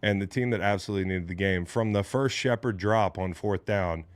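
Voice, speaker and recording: A man in his late thirties hosting a casual sports podcast, animated and joking, with plenty of swearing. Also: sits low, fairly quick, clear, resonant tone, no echo. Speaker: podcast host.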